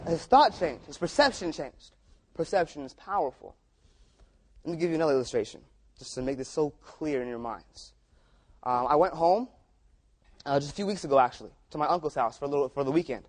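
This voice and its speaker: A man preaching a sermon through casual, repetitive stories. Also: high-pitched. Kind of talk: storytelling sermon.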